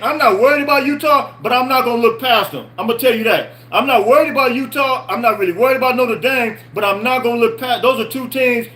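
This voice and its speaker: High-pitched, bright-voiced man hosting a podcast. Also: rough recording. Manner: repeats himself, rhetorical questions, answers chat comments. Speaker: podcast host. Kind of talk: casual live-stream sports talk.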